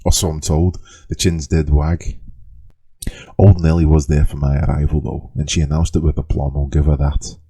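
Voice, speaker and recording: A man's voice: rumbling low, little pitch movement, moderate pace, dark tone, slightly rough, full character voice. A man voicing a young male kender sorcerer who tells his strange backstory in a Liverpool accent, wry and chatty. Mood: wry storytelling. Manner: wry, storytelling.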